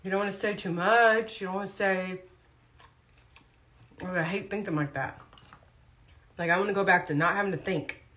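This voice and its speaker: A woman's voice: mid-range voice, fairly even intonation, moderate pace, pauses often, fairly bright tone. A woman talking casually on a livestream, blunt and chatty, chewing food as she speaks. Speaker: vlogger.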